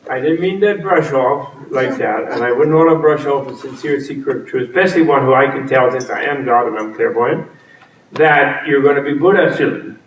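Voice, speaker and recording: A man's voice: mid-range voice, moderate pace, slight background noise, close to an everyday voice. A man voicing a frank, weary male creator god who admits he is unsure of himself, in a confiding, apologetic, joking way, heard from a distance in a roomy space.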